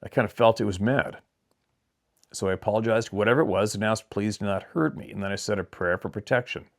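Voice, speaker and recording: A man hosting a channel, reading a viewer's letter aloud in a plain, steady storytelling way with brief asides of his own. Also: on the low side, fast talker. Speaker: channel host.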